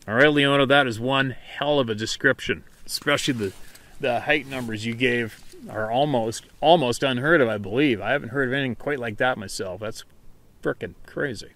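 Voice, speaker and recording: Man, mid pitch, host reading listener stories aloud, relaxed and chatty, dry close mic. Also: moderate pace, no room sound. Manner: relaxed, conversational, swears casually. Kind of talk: casual narration of listener stories. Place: outdoors in the cold.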